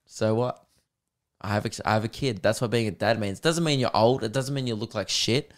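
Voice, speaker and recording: A man's voice: fairly low pitch, brisk. A man in his twenties with an Australian accent, hosting a podcast in a laid-back, self-mocking storytelling way. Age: 20s. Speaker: podcast host. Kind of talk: casual chat.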